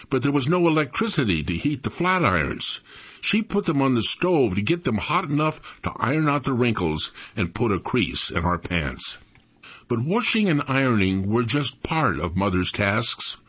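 A man in his eighties reading his own memoir aloud in an expressive storytelling manner. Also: lowish voice, slightly rough. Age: 80s. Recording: dull lo-fi recording.

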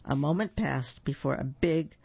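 A man's voice: on the high side, normal speed, creaky, a little mellow, husky, no room sound, muffled recording. A man reading a picture book aloud, adding playful asides as he tells the story.

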